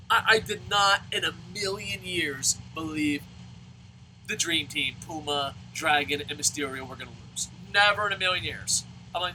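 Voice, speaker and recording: A man reviewing a wrestling show in a casual, profane rant, excitable and sarcastic, tripping over his words. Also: high-pitched, normal speed, slight background noise, poor audio. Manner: excitable, swears constantly, sarcastic, repeats and restarts.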